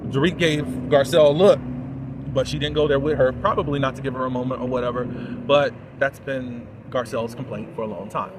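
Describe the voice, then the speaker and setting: A man's voice: medium pitch, moderate pace, noisy background. A man giving a casual, opinionated recap of a reality show, talking straight to his viewers with plenty of sass.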